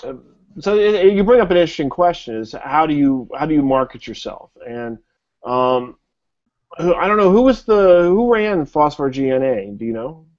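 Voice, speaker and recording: A man's voice: on the high side, expressive, moderate pace, darkish tone. A man talking casually as a podcast co-host, blunt and joking. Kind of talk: casual chat. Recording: lo-fi, dull sound.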